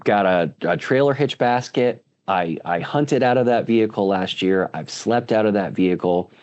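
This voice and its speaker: A man's voice: lowish voice, moderate pace, darkish tone, highs cut off. A man speaking as a guest in a casual interview, earnest and full of restarts. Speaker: podcast guest, author.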